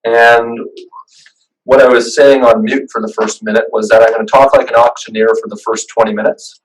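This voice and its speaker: A man's voice: medium pitch, flat delivery, moderate pace, recorded from a distance, rough recording. A man presenting a webinar over a video call, talking in a casual, chatty way with fillers and restarts. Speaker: business owner giving a webinar.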